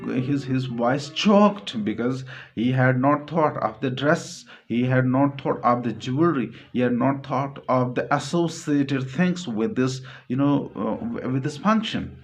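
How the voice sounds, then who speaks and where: A male literature teacher explaining a short story in a classroom lecture, repeating himself, glossing word meanings and filling pauses. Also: mid-range voice, faint music behind. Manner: repetitive, glossing words, many fillers.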